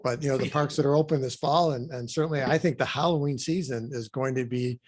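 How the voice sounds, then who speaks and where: A man answering interview questions as a guest, speaking haltingly with many pauses and restarts. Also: mid-range voice, a little mellow. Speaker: guest, amusement park president.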